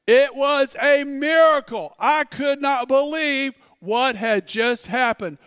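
A man preaching a sermon as a pastor, telling stories and swinging between loud outbursts and hushed asides. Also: extremely high pitch, slow, no echo, clean studio sound, big-room sound. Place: church sanctuary.

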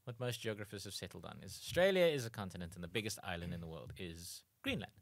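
A man's voice: low voice, animated, quick pace, gravelly, dry recording. A South African man co-hosting a podcast, explaining at length with dry jokey asides and frequent restarts. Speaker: podcast co-host. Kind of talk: casual chat.

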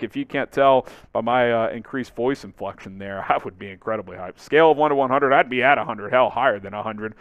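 A man hosting a sports news channel, giving casual commentary to the camera in an animated, excitable way with frequent fillers. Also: mid-range voice, brisk, hardly any pauses, no echo.

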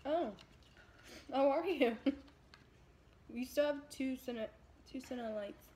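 A woman's voice: high-pitched, slow, warm tone. A young woman hosting a casual eating vlog, chatting playfully and giggling while she eats. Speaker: vlogger host. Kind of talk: casual mukbang chat.

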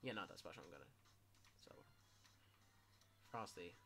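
A man commentating his own gameplay casually, swearing a lot and yelling in sudden bursts. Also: low-pitched, expressive, moderate pace, vocal fry. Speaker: gameplay streamer.

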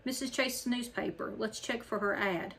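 A woman's voice: fairly high pitch, fairly even intonation, normal speed, fairly bright tone, slight background noise, pitched above the performer's own voice, rough recording. A woman reading as an easygoing teenage boy.

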